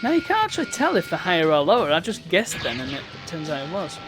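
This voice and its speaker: A man's voice: fairly high pitch, huge pitch swings, fast, music in the background. A man giving chatty, wry commentary while streaming a video game. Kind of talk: casual gameplay commentary.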